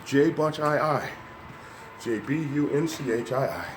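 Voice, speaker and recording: An older fitness vlogger with a medium-pitched, expressive voice speaks unhurriedly over a noisy background. He climbs stairs slightly winded, upbeat and coaxing as he addresses viewers.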